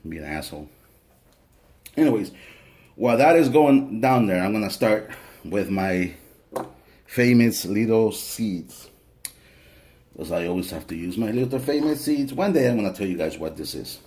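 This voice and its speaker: Low-voiced guy walking you through a ritual, jokey and loose, cusses a bit. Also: expressive, normal speed, pauses often, darkish tone. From family from El Salvador. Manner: joking, chatty, swears casually. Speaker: spiritual practitioner teaching a ritual. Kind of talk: casual spoken tutorial.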